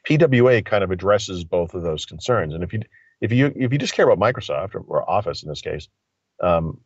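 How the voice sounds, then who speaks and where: A very deep-voiced man rambles through a casual tech chat, stopping and restarting his thoughts. He calls in over a phone, so the sound is dull and lo-fi, with a dry, close feel. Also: expressive, fairly quick, slightly rough, no echo. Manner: rambling, thinking aloud with many fillers. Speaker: tech commentator. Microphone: phone line.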